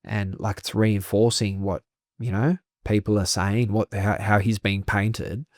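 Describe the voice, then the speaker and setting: An Australian man with a somewhat low voice, speaking frankly and swearing freely as he recounts his story. The sound is dry and close to the mic, with no room echo. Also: level tone, unhurried. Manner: frank, swears freely, laughs through hard memories. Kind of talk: candid conversational storytelling.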